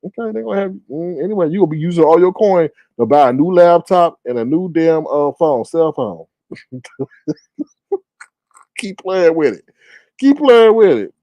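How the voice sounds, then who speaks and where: A man streaming his commentary, his voice sitting a little high and recorded close and dry with no room sound. He talks in an animated, slangy way and keeps mimicking other people in high, squeaky voices. It comes across as loose, unscripted streamer talk. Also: normal speed, long pauses, dry recording, lo-fi sound. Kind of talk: casual livestream commentary.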